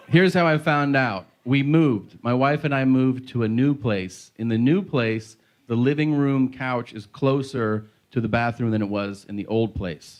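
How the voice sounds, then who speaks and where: A middle-aged male stand-up comedian telling stories loudly on stage, acting out both sides of the talk. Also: mid-range voice. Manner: loud, animated storytelling with voiced quotes. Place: comedy stage before a laughing audience. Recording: live show with crowd laughter.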